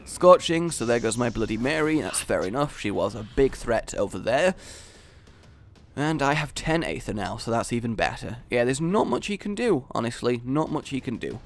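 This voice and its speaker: Animated young man commentating gameplay. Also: medium pitch, normal speed. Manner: animated, with loud triumphant outbursts. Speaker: gaming video host.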